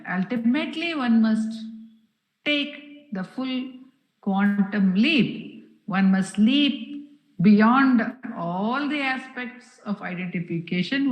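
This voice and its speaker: A woman giving a satsang discourse as a spiritual teacher, telling stories in a slow, measured way with pauses. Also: a little high. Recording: echoey room.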